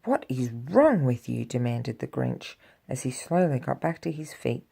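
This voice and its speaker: A woman's voice: rumbling low, moderate pace, creaky, dark tone, slightly rough, voice pushed down, exaggerated voice. A woman voicing a grumpy, sour male creature who grumbles scornfully. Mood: annoyed.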